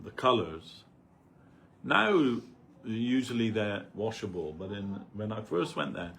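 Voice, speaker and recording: Man, low voice, casual rambling storyteller at a temple talk. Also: creaky, a bit bright, slight background noise. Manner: conversational, rambling, frequent "you know". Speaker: speaker at a temple gathering. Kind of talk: informal spiritual talk, anecdote.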